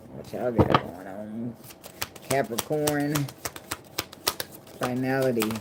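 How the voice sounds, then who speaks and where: A woman with a low voice gives a casual tarot reading to her camera. She talks bluntly, swears freely and jokes as she goes. Clicks and the shuffle of cards are clearly heard under her voice. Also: heavy background noise. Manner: blunt, profane and joking. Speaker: tarot reader. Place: indoors at night under a ring light.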